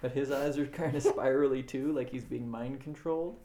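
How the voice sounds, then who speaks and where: A man's voice: medium pitch, steady tone, fairly quick, warm tone. A man running a family tabletop game as game master, narrating playfully and often laughing.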